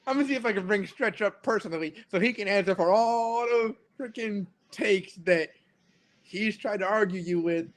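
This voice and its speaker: A man with a fairly high voice co-hosts a sports talk show, trading casual banter. He often stammers and restarts, then breaks into laughter. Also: moderate pace. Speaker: sports podcast co-host. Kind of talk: casual chat.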